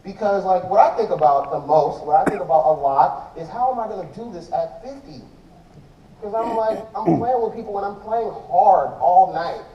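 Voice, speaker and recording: A man's voice: high voice, lively intonation, normal speed, crowd noise. A man giving a loose, slangy talk to an audience from a stage, rambling and restarting his sentences as he answers questions about his drumming. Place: large indoor event hall stage. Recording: dull echoey hall from far off.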